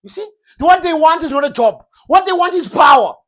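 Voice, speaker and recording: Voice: extremely high pitch, animated, fairly quick, fairly bright tone. A preacher giving an informal sermon in an emphatic, repetitive style, often acting out short comic exchanges. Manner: emphatic, repetitive, uses comic role-play.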